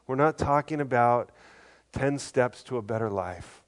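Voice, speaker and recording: A man's voice: mid-range voice, measured pace. A man preaching a sermon in a conversational, earnest way, acting out the voices of the people in his stories. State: briefly choked up. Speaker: pastor.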